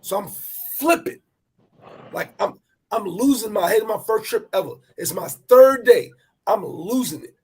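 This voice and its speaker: A man telling a personal travel story in animated, profane street talk, repeating words as he goes. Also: high voice, measured pace, husky. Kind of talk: casual storytelling chat.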